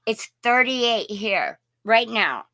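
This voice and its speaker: A woman hosts a casual morning live stream and greets each viewer by name in a friendly, folksy way. She talks slowly and unhurriedly, in a bright voice pitched a little high. The recording is dry and close, with no room echo. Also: lively intonation. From Indiana.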